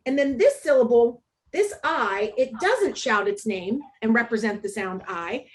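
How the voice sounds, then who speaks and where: A woman's voice: a little high, animated, unhurried, slight background noise. A woman presenting an interactive online workshop for teachers, speaking over a video call in an upbeat, chatty way with frequent ums. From United States.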